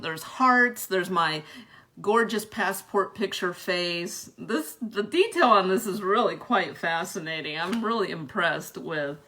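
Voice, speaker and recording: A woman's voice: mid-range voice, pushed and bright. A young woman chatting casually through an unboxing video, laughing often between her remarks. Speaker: vlogger reviewing a product.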